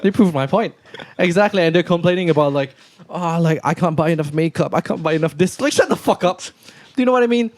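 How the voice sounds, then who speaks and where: A man's voice: on the high side, fast talker, voice pushed up, lightly acted. A man putting on a brash macho persona, ranting bluntly and profanely at people who complain. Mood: scornful ranting. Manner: loud, scornful, profane ranting.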